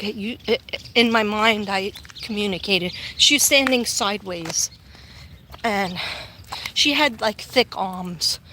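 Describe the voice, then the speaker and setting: A woman's voice: medium pitch, bright, forceful tone, a little hiss or hum. A woman vlogger telling a long personal story in a rambling, chatty way while walking outdoors, talking into a phone with many ums. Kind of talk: casual walking livestream chat.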